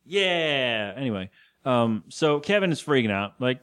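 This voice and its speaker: A man's voice: medium pitch, very animated, measured pace, fairly bright tone, smooth. A young man co-hosting a podcast, rambling through a TV episode recap and acting out the characters' lines in put-on voices. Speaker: podcast co-host. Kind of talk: casual chat recapping a TV episode.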